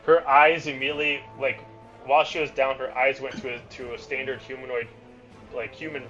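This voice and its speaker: A man's voice: medium pitch, little pitch movement, a little fast, fairly bright tone, dull audio, soft background music. A man narrating a tabletop game as game master, loose and rambling, with many fillers.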